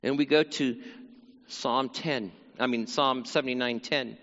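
A man's voice: medium pitch, fairly even intonation, measured pace, fairly bright tone, in a large hall, highs cut off. A man teaching through a psalm in sermon style, earnest, repeating phrases and voicing the psalmist's cry. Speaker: Bible teacher.

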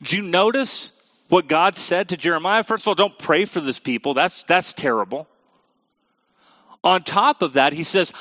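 A pastor preaching a sermon, reading scripture aloud and asking the congregation questions, moving between quiet and emphatic delivery. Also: male voice, high-pitched, normal speed, no room sound, muffled recording. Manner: asks the audience questions directly.

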